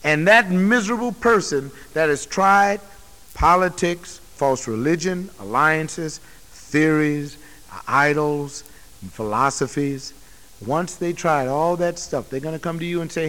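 A man's voice: a little high, a little slow, sharp tone, long reverb tail. A man preaching a sermon as a pastor, speaking bluntly and emphatically to his congregation.

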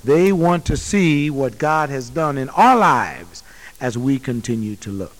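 A man's voice: mid-range voice, big pitch swings, measured pace, big-room sound. A man preaching a sermon as a pastor, speaking bluntly and emphatically to his congregation.

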